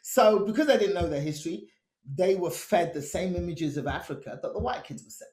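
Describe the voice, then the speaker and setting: A woman with a London accent, a comedian telling stories from her childhood in an emphatic, animated interview manner. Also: lowish voice, a little fast, roomy sound. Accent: London English. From England. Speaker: guest comedian. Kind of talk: conversational interview storytelling.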